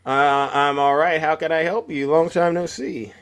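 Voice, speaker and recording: A man's voice: fairly high pitch, normal speed, smooth. A man hosting a live call-in stream, chatting casually about politics and calling listeners up by name. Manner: animated, calls out to listeners by name.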